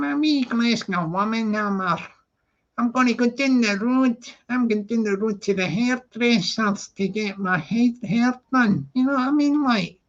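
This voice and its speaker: A man's voice: sits high, fairly bright tone. A man hosting a casual livestream, chatting to viewers in the chat and teasing them, calling them darling. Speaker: livestream host. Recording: dull lo-fi stream audio.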